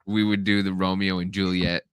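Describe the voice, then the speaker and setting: A man's voice: low-pitched, moderate pace, smooth, no echo, clean studio sound. A man co-hosting a podcast in casual chat, telling stories animatedly and acting out his relatives in raised voices. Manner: animated storyteller, acts out family members in raised voices. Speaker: podcast co-host.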